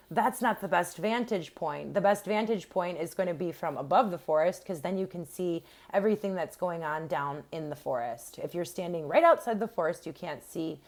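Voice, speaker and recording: A young woman talks through a tarot reading in a loose, rambling way, full of fillers and restarts. Her voice sits a little low for a woman. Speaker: tarot reader. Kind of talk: casual tarot reading to camera.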